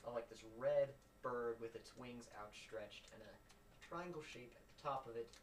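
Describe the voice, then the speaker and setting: A man's voice: medium pitch, moderate pace. A man narrating as game master in a rambling, laughing way. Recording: roomy, distant home mic with faint noise.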